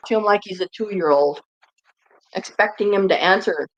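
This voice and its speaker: A woman's voice: medium pitch, normal speed, low-quality recording. A woman vlogger chatting casually and rambling, often turning to talk to her dogs. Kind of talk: casual chat.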